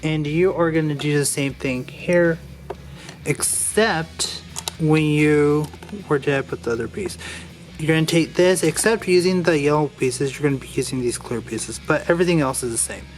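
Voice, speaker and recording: A man's voice: fairly high pitch, normal speed, soft background music. A man casually walking through a Lego build step by step, drifting off into a rambling personal story and restarting his sentences as he goes.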